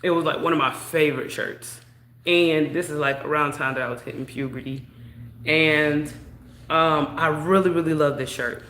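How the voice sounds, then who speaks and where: A woman's voice: deep voice, fairly even intonation, fairly bright tone. Chatty woman telling a story, roomy echo. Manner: chatty, drawn-out, full of "you know". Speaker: vlogger. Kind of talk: casual storytelling. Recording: echoey room.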